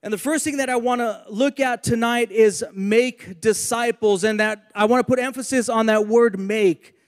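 A man's voice: very high-pitched, fairly even intonation, normal speed, big-room sound. A man preaching a sermon and leading a prayer, earnest, with repeated phrases.

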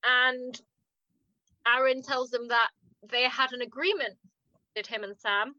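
A woman's voice: high voice, steady tone, measured pace, pushed and bright, muffled recording, slight background noise. A woman with a northern English accent, chatting animatedly as a podcast co-host and laughing often. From northern England. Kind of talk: casual chat recapping a TV drama.

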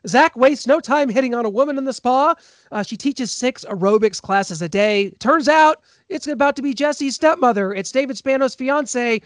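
A man with a high voice hosts a podcast in a chatty, laughing way, full of little ums. He sounds close to the mic in a dry space with no room echo. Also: moderate pace. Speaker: podcast host. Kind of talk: casual chat recapping a TV episode.

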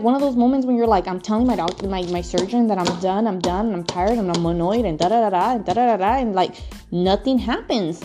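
Young woman vlogger, casual storyteller, rambling and frank, mid pitch, faint music behind. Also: mellow. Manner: rambling, candid, swears often.

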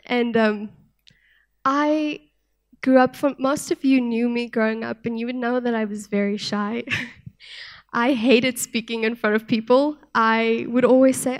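Young woman, church speaker; soft-spoken, earnest testimony, somewhat high voice. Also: steady tone, a little slow. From South Africa. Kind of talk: sermon with personal testimony.

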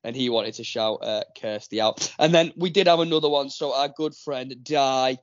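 A man's voice: medium pitch, normal speed, dry recording. Chatty man hosting a podcast. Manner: chatty, rambling with many fillers. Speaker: podcast host. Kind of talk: casual podcast chat. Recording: dull, dry lo-fi recording.

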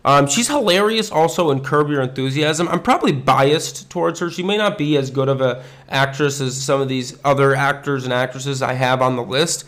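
A man's voice: medium pitch, normal speed, few pauses, a bit bright. A man talking casually and enthusiastically, rambling with frequent ums and restarts as he ranks his favorite actors. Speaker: host ranking favorite actors. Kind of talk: casual unscripted commentary.

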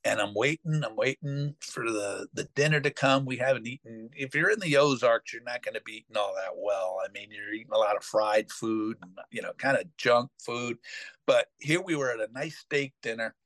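A man's voice: medium pitch, moderate pace, no echo. Middle-aged man telling a rambling story. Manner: rambling, full of fillers and restarts, animated retelling. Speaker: podcast host. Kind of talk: casual storytelling.

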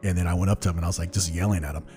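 A man's voice: sits low, fairly even intonation, very fast, dark tone, soft background music. A man hosting a casual podcast interview, telling loose stories and acting out the quotes in them. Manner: loose, storytelling, acts out quotes. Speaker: podcast host.

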